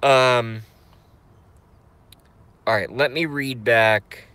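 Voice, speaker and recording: A man's voice: medium pitch, fairly even intonation, extremely slow, fairly bright tone, clean tone, no echo. A man vlogging from his car, ranting to viewers in a profane, rambling way full of fillers and asides. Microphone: phone, then car audio system.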